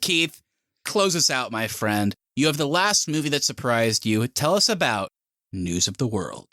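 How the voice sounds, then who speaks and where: Brief: animated male podcast co-host, expressive pitch, dry studio sound. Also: dry recording. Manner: animated, quick asides and voiced reactions. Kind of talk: casual movie discussion.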